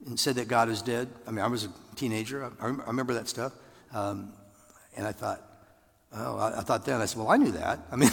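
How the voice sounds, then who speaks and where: Older preacher with a gravelly voice in a hall. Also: male voice. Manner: conversational, animated, with jumps into falsetto for acted voices. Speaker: pastor. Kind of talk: sermon. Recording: long reverb of a large hall.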